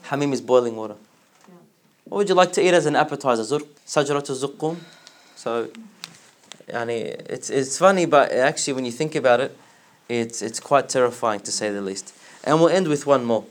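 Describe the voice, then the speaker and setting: A man teaching a religious class, explaining word by word and asking his students questions, with quick recited verses. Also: mid-range voice. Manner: recites verses in rapid chant.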